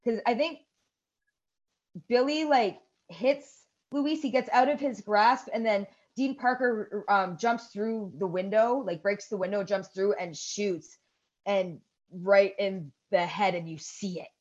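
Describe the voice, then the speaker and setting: Thirtysomething woman podcaster gushing over a movie, loud shrieks, kinda muffled sound. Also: medium pitch, slow pace. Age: 30s. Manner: animated storytelling with loud shrieks and swearing. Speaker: podcast co-host. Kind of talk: casual chat recapping a movie.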